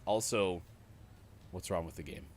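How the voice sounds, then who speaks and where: A man's voice: sits low, a little slow, slight background noise. A man co-hosting a morning gaming show, chatting casually while playing and reading out comments with lots of laughter. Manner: animated, laughing, reads out chat comments.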